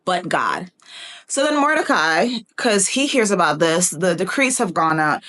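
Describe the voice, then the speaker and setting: A young woman giving a fast, chatty Bible teaching, playfully acting out the characters as she retells a story. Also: lowish voice, sing-song, fairly bright tone. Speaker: prophetic teacher.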